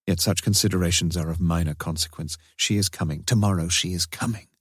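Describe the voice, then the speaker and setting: A man's voice: sits low, fairly even intonation, brisk, breathy edge, no echo, studio quality. A man reading a grieving father's confessional diary in a solemn, despairing, theatrical way.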